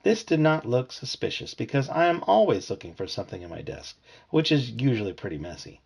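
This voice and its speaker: A man reads a children's storybook aloud to his family with expressive telling. His voice is gravelly and husky, and his pitch moves in lively swings. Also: fairly quick. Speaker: parent reading aloud. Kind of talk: reading a children's book aloud.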